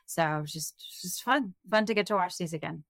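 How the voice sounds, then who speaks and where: A woman's voice: fairly low pitch, fairly quick, fairly bright tone, no room sound, clean studio sound. A young woman co-hosting a casual rewatch podcast, enthusiastic and agreeable as she chats and closes out the episode. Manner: enthusiastic, agreeable, wraps up the show. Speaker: podcast co-host.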